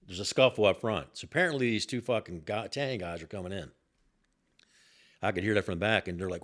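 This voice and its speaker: An older man telling a story on a podcast in an animated, profane way and repeating himself as he goes. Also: low-pitched, quick pace. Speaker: guest, host's father.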